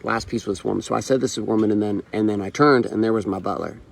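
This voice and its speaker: A man's voice: fairly low pitch, very fast, gravelly. A man hosting a motivational show, speaking bluntly with profanity and hammering repetition, telling stories with quoted back-and-forth dialogue. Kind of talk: motivational monologue.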